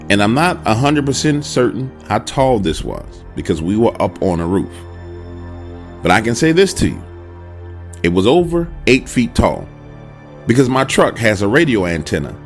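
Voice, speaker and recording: A man narrating a first-person horror encounter, speaking dramatically and addressing the listener directly. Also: on the low side. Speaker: storyteller.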